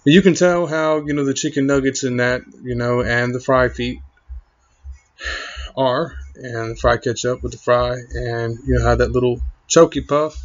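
A man talking in a rambling, halting monologue, full of fillers and trailing thoughts. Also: mid-range voice, steady tone. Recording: muffled lo-fi recording.

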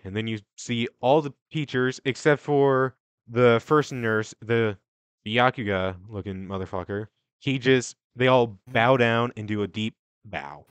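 A man's voice: medium pitch, unhurried, smooth, no room sound. A young man narrating as game master, casual and stumbling, briefly voicing the teachers.

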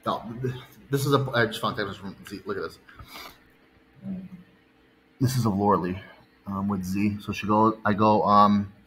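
Brief: low-voiced man, heated profane storyteller, faint hiss behind. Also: steady tone, moderate pace, pauses often, a bit bright, low-quality recording. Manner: profane, heated, repeats "okay" and "right". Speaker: fitness coach. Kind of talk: ranting storytime vlog.

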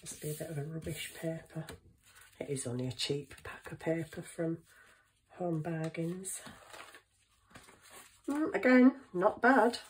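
A woman's voice: low-pitched, fairly even intonation, normal speed, a little hiss or hum, low-quality recording. A woman chatting casually in her home kitchen, thinking aloud as she works on a craft. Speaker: craft vlogger.

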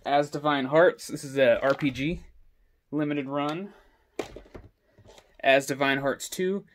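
A man's voice: a little high, steady tone, slow pace, a little hiss or hum. A young man talks through his game collection at home, filmed on a selfie stick held at arm's length. He rambles in a loose, casual way, dropping plenty of ums and uhs as he goes. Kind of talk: casual walkthrough vlog. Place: indoor home with stairs. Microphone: selfie stick camera.

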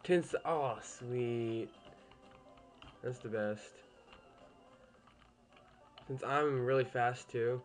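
A man's voice: mid-range voice, drawn-out words, pauses often, faint music behind. A young man casually commentating a game he is playing at home, chatty and easily annoyed, swearing at the game now and then. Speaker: gameplay commentator.

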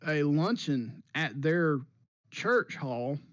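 Animated man spinning a story. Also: fairly high pitch, very slow. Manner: animated storyteller, repeats himself to restart. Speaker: podcast host. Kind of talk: casual storytelling chat.

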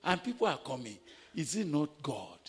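Dramatic Nigerian preacher in a hall. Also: male voice, on the high side, big pitch swings, moderate pace, husky. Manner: dramatic, acting out quoted voices, swinging from hushed to shouting. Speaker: pastor. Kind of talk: sermon with storytelling.

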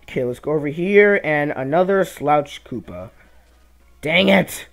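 Young guy doing let's play commentary, kinda high voice, yelps and mumbles at the game. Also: unhurried, gravelly, faint music behind. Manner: excitable, reacts loudly to the game, mutters asides. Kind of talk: casual gameplay commentary.

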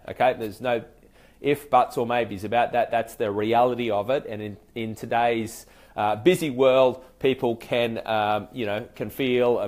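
A man's voice: medium pitch, darkish tone. Chatty Australian man coaching sales callers. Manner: chatty, loose and hesitant, many fillers and restarts; acts out sample phone greetings. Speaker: sales trainer. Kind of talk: conversational training talk.

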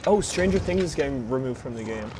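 A man's voice: mid-range voice, expressive, fast talker. Blunt, dry-witted man on gaming voice chat. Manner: dry, blunt, profane remarks. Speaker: gamer in voice chat. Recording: clear background noise.

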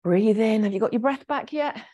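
A woman leading a gentle exercise class, chatty and encouraging as she explains each movement. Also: a little high, a little fast. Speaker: fitness instructor.

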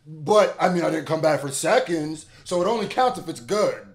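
A man hosting a reaction video, chatting casually with loud laughing outbursts and low mutters. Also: wildly swooping pitch, moderate pace. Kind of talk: casual commentary reacting to a song. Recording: echoey room.

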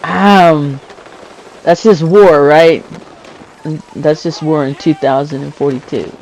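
A man's voice: fairly high pitch, steady tone, slow pace, a little mellow, faint music behind, poor audio. A man giving casual, jokey commentary over his own gameplay, chuckling often and talking back to the game. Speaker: gamer narrating his play.

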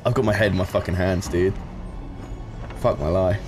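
Over music, a streamer with a low voice narrates his gameplay at normal speed with fairly even intonation. He swears in frustration and keeps addressing his chat.

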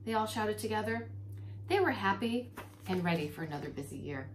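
A preschool teacher, a woman, reading a story aloud to young children, expressive and talking to them directly. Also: medium pitch, fairly quick, slight background noise. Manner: animated and expressive, talks to children.

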